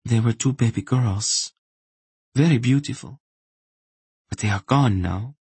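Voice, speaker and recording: A man's voice: mid-range voice, lively intonation, a little slow, husky, no echo, voice pushed up. A man reading an audiobook and voicing a weary young enslaved woman in a lifted, tired voice. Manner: tired, raised voice, soft. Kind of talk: audiobook character voice.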